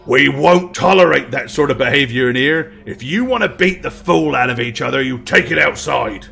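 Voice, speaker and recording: A man voicing a gruff male innkeeper, stern but fair. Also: mid-range voice, lively intonation, moderate pace, sharp tone, faint music behind, full character voice.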